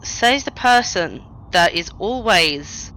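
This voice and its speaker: A woman's voice: on the low side, lively intonation, slow, sharp tone, rough recording. A woman playing in a tabletop game, teasing another player. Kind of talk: casual tabletop game chat.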